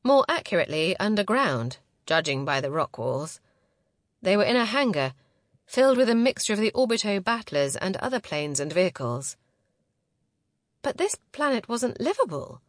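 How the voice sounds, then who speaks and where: Here a woman narrates a sci-fi audiobook from a script, her delivery calm and even at a normal speed. The medium-pitched voice comes through dry and clean, as in a studio.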